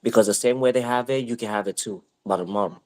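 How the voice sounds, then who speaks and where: Man, casual co-host; low, loose, filler-heavy storyteller. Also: quick pace. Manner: rambling, animated retelling with many fillers.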